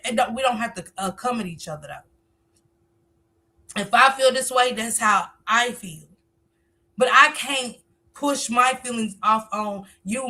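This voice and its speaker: A woman's voice: fairly high pitch, bright, forceful tone. A woman hosting a casual live stream, talkative, reading viewer comments aloud and answering them.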